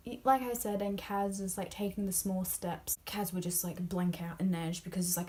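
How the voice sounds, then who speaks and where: This young woman, a book vlogger, chats about spoilers in a novel she adored, using a lowish, slightly mellow voice at normal speed. She gushes, leans heavily on fillers, and often drops into a whisper.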